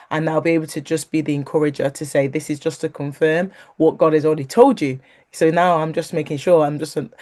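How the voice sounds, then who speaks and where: A woman, a guest sharing a personal faith story, who talks animatedly, laughs along the way and acts out what others said. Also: deep voice. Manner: animated, acts out quoted voices; laughs while talking.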